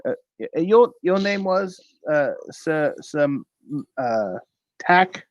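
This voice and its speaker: A man playing a tabletop game who talks in a halting, stammering way while in character. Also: a little high, expressive, no echo, lo-fi sound. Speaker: player. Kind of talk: tabletop role-play.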